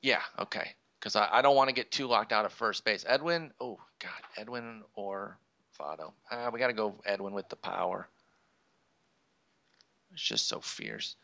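A man's voice: lowish voice, normal speed, creaky, sharp tone, lo-fi sound. A man co-hosting a podcast, chatting casually while drafting a fantasy team and breaking into frustrated, swearing outbursts. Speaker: podcast co-host. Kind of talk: casual chat during a live fantasy draft.

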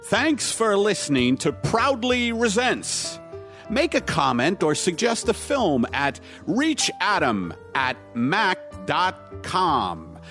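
High, lively man with faint music. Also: slow. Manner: playful, teasing. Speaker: show host. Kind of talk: show outro.

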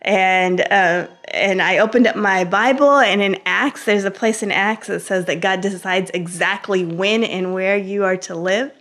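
A woman, a guest in an interview, earnestly recounting a personal story in a relaxed conversational way. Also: medium pitch, unhurried, few pauses.

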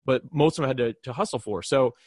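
Fast-talking man telling podcast stories. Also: medium pitch, dry recording, clean studio sound. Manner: animated, quick anecdotes with acted-out dialogue. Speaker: podcast guest. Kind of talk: casual storytelling in conversation.

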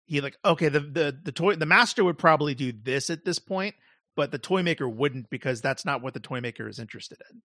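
A man's voice: fairly high pitch, lively intonation, a little fast, pushed and bright, dry recording, studio quality. Rambling man in casual podcast talk. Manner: rambling, lots of "like" and restarts. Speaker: podcast co-host. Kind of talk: casual chat.

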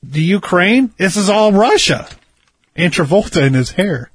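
A man's voice: high-pitched, lively intonation, a little slow, slightly rough, dry recording. A man in casual chat, rambling through a conspiracy story with heavy swearing and insisting he is right. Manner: insistent, argumentative.

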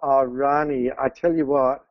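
A middle-aged man speaking as a guest on an interview podcast, earnest and quick to laugh. His voice sits at an ordinary male pitch. The sound is dry and a little dull. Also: fairly even intonation, dry recording. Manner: earnest, laughs often, openly emotional. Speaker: podcast guest, business mentor. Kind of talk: conversational interview.

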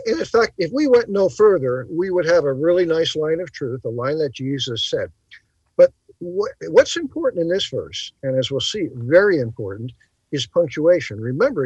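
Man, talk show host, teacherly, slightly high, dull lo-fi audio. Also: darkish tone, breathy edge, dry recording. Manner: teacherly, pausing to stress points. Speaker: podcast host. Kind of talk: explanatory bible talk.

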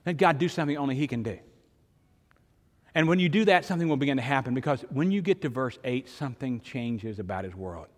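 A man's voice: medium pitch, animated, fast, big-room sound. An older man, preaching a sermon in a conversational storytelling way, with sudden emphatic rises. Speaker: pastor.

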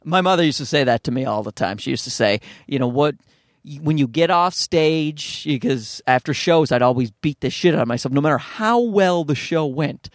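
A male comedian rambles through a solo podcast, running himself down and sliding into quick mock voices. His voice sits a bit higher than most men's, and the sound is close and dry on a studio mic. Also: lively intonation, dry recording. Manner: rambling and self-deprecating, slipping into mock voices. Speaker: stand-up comedian and podcast host. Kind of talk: casual solo podcast monologue. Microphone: studio mic through a field recorder.

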